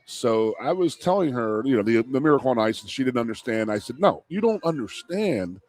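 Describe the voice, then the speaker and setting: A man in his fifties tells a rambling, animated sports story on the radio. His voice sits mid-range and swings up and down freely. The sound is dry and close. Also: mid-range voice, fast, dry recording. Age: 50s. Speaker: radio co-host, former college football player. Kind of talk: casual sports radio chat. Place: live broadcast from a restaurant.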